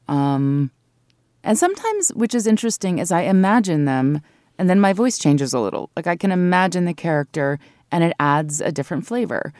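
A woman who narrates audiobooks, giving a thoughtful, explanatory interview with easy laughs. Her voice sits very low, and the sound is tight and dry, close to a studio mic. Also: animated, normal speed, a little mellow, no echo. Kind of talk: interview conversation. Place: home recording booth. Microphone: studio microphone.

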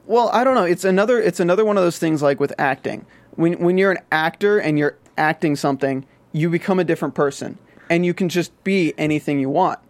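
A man's voice: on the high side, brisk, dry recording. A man from the American South chatting casually about a TV show, rambling with many restarts and fillers. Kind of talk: casual TV recap chat.

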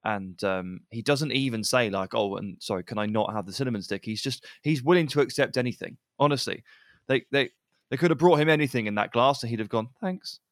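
A man's voice: mid-range voice, a little fast, dry recording, studio quality. A man co-hosting a casual podcast, telling a story about a friend in a wry, amused way. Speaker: podcast co-host. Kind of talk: casual chat.

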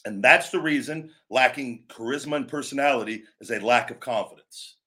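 A middle-aged man hosting his own show, talking bluntly and emphatically, now and then acting out catchphrases with sudden shouts and drawn-out words. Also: mid-range voice. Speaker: podcast host and former pro wrestler. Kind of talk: opinionated casual talk.

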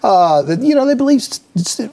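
A man giving casual panel commentary, animated and exasperated, often mocking. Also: very high-pitched, a little fast, a loud crowd.

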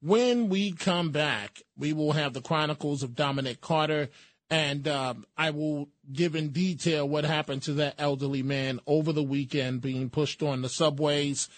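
Male talk radio host, slightly high voice, dry close studio mic. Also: dry recording. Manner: brisk, agreeable, reads promos. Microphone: studio microphone.

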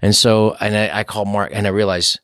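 Brief: middle-aged comedian guest, low voice, quick restarts, drops into impressions, close dry mic. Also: male voice, no room sound. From San Francisco Bay Area. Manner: animated storyteller, quick restarts, slips into character voices. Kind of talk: casual storytelling in a podcast interview.

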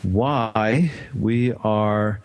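A man who hosts a radio health show, chatting casually and haltingly, with many fillers and restarts. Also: lowish voice, smooth. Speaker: radio show host, naturopathic doctor.

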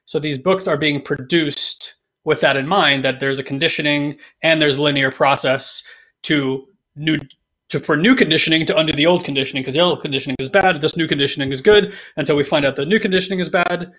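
A man's voice: fairly high pitch, fairly quick, a bit bright. A man co-hosting a podcast in casual talk, rambling, repeating himself and joking around. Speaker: podcast co-host. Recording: dull lo-fi sound.

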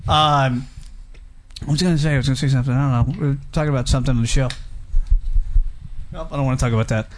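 A man's voice: mid-range voice, fairly even intonation, rapid-fire, a little hiss or hum. A man hosting a comedy radio show, rambling and tripping over his words in loose banter.

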